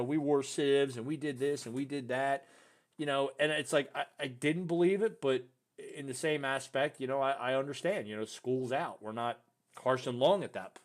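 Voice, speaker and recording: Chatty man telling a story. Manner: animated, voice jumps high when quoting people; loose, filler-heavy talk with "dude" and "you know". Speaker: podcast host. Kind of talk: casual storytelling chat.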